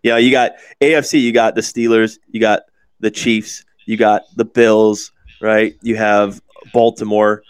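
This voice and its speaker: A man's voice: on the low side, little pitch movement, measured pace, clean tone, dry recording. A man in his forties hosting a casual podcast chat, rambling and swearing, with lots of restarts. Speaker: podcast host.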